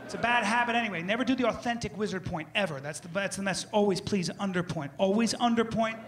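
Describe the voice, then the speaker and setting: A man's voice: high voice, quick pace, few pauses, a bit bright. A man doing a stand-up comedy set on stage, brash and mock-instructional, acting out his bits for a laughing audience. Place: stage before a live audience. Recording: roomy live venue with crowd noise.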